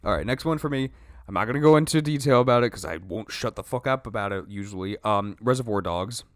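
A man's voice: lowish voice, lively intonation, quick pace, no echo, studio quality. A man co-hosting a podcast, talking about favorite films in a laid-back, candid way with some swearing. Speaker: podcast co-host. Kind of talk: casual movie chat.

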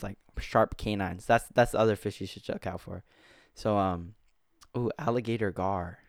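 A young man chatting casually into a close mic, rambling, swearing freely and bursting out in excitement. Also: lowish voice, clear, resonant tone, no echo. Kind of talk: casual chat. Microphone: close desk mic.

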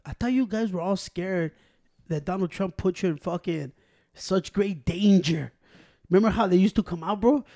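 Brief: man with a high voice, casual profane rant, mocking. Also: moderate pace, mellow. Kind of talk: casual chat.

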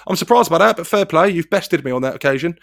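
A man's voice: on the high side, animated, fast, gravelly, a bit bright, no echo, studio quality. A man, co-hosting a podcast in casual banter, rambling, sweary and self-mocking. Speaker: podcast co-host.

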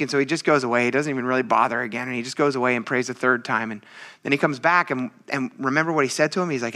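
A man's voice: mid-range voice, racing, sharp tone. A man preaching a casual sermon in a chatty, teasing, self-mocking way. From military veteran. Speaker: pastor.

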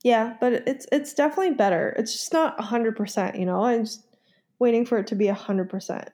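A woman co-hosting a podcast, telling a story in casual chat, animated and swearing freely as she acts out phone calls. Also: on the high side, fairly quick. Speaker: podcast co-host.

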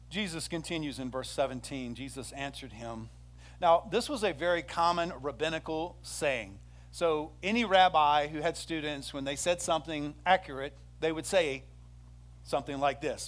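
Male pastor, sermon delivery, a bit high-pitched, acts out the quotes with energy. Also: normal speed. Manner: animated storytelling, acts out quoted speech.

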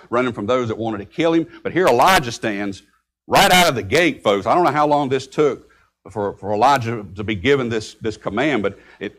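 A man preaching a sermon, breaking into sudden loud outbursts when he quotes scripture. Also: mid-range voice. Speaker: pastor.

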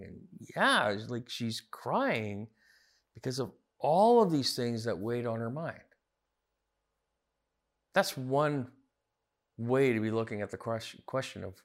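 Man, pastor, earnest sermon, emphatic repetitions, middle pitch. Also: animated, normal speed, fairly bright tone.

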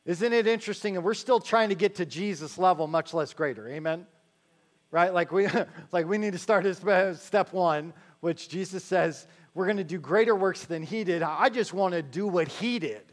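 A man preaching a sermon in a conversational way, slowing down to stress key phrases and adding joking asides to the congregation. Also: high-pitched. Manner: slows to stress key phrases, then rattles along quickly. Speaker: pastor.

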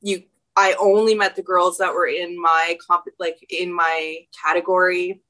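A woman's voice: on the low side, flat delivery, a little slow, sharp tone. A woman, chatting as a podcast guest in a rambling way, often laughing. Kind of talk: casual conversation.

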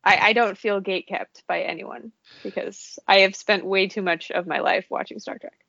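A woman's voice: medium pitch, fairly even intonation, moderate pace, vocal fry, a bit bright, dry recording. Self-deprecating woman guest on a podcast. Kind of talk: casual chat. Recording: slightly muffled dry podcast audio.

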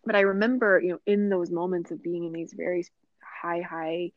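A woman guest and yoga teacher, talking in a relaxed, reflective way with many fillers and frequent laughs. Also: on the low side, moderate pace, no room sound. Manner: chatty and reflective, many "you know" fillers, laughs often. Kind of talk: casual podcast conversation. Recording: dull, lo-fi sound.

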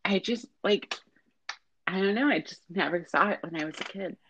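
Casting: young woman podcast co-host, lowish voice, excitable and gaspy, light background noise. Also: moderate pace, highs cut off. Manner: excitable, gasping, says oh my gosh a lot. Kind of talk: casual chat.

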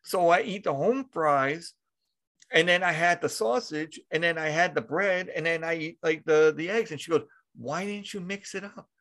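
A man's voice: a little high, normal speed, fairly bright tone. A man hosting a podcast, telling rambling stories with frequent laughter and swearing. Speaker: podcast host. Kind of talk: casual chat.

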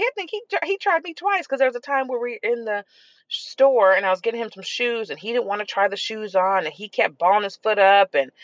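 A middle-aged woman hosting a parenting podcast, telling stories in a casual, animated way with frequent laughter. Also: medium pitch, no echo, dull audio. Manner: animated, expressive, laughs often. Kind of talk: casual storytelling.

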